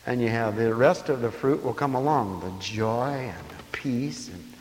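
A man preaching a sermon, swinging from hushed murmurs to loud exclaiming and chuckling between points. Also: mid-range voice, a little slow. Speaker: pastor. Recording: hall reverb with faint hiss.

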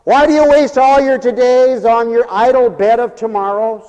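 A man's voice: extremely high pitch, steady tone, moderate pace, a little mellow, clean tone, in a large hall, highs cut off. A man delivering a humorous radio sermon, scolding and theatrical, playfully mocking his listeners. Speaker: radio preacher.

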